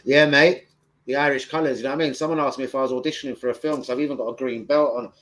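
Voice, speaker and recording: Bloke rambling on his live stream, loads of swearing, chatty, middle pitch. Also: fairly even intonation, rapid-fire, fairly bright tone. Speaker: football fan live streamer. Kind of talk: casual live stream chat.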